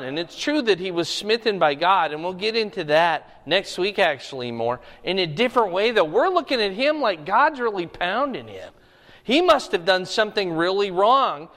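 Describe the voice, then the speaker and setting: A man's voice: high voice, fairly bright tone. A man preaching a sermon, reading scripture and explaining it conversationally, often checking in with "okay?". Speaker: pastor. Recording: echoey hall.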